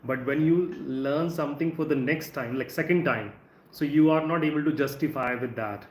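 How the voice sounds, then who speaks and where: A man with an Indian English accent teaching English in a live stream, speaking conversationally and drawing out words slowly to show word stress. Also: a little high. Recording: echoey room with faint ambient noise.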